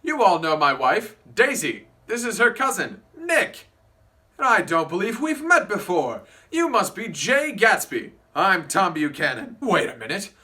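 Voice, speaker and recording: A brash, blustering rich husband. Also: male voice, high-pitched, sing-song, measured pace, recorded from a distance, exaggerated voice. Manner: loud, blustering, shouting outbursts. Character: brash, arrogant rich young husband, hot-tempered. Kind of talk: student comedy stage play.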